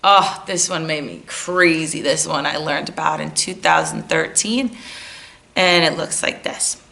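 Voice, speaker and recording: A woman softball hitting coach giving a blunt, animated talk to other coaches. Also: deep voice, unhurried, vocal fry. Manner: blunt and animated, scolding with humor.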